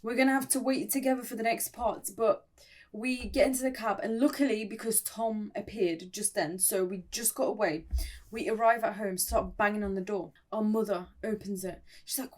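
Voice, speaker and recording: A woman's voice: medium pitch, fairly even intonation, normal speed. A young woman in a casual, playful recap of an online story, chatty and laughing often, with dramatic asides.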